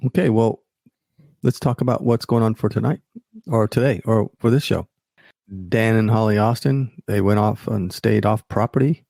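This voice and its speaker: Low gravelly guy host, mellow tone, dry wry one-liners. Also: fairly even intonation, normal speed, dry recording. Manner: dry, wry replies, many short murmurs. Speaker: podcast host. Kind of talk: casual chat.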